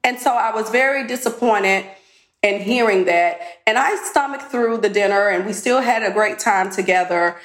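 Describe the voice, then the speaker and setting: A woman's voice: mid-range voice, moderate pace, a bit bright. A woman reality TV cast member telling a candid story in a podcast interview. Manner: candid, retells conversations. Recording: roomy echo.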